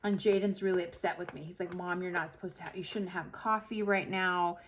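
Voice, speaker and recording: A woman's voice: fairly low pitch, a little fast, slight background noise. A woman in her forties telling a long story in a chatty vlog, acting out the dialogue as she quotes it. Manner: animated, retells with quoted dialogue. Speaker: planner vlogger.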